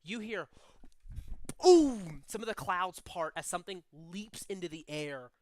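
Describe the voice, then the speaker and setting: A man's voice: high voice, normal speed, pushed and bright, slight background noise. A young man narrating as game master, rambling, with many fillers and restarts.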